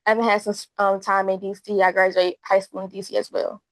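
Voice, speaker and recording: Fast, confident young woman from Maryland. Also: medium pitch, little pitch movement, no room sound. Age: young adult. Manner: confident and playful. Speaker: guest, college student. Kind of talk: casual interview answers.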